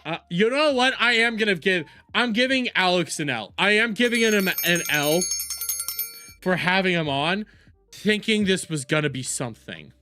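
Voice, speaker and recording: Animated, bright-voiced man reacting with swearing. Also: high-pitched, moderate pace, faint music behind. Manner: animated, swearing, repeats words, mocking impressions. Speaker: streamer reacting to clips. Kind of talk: casual reaction commentary.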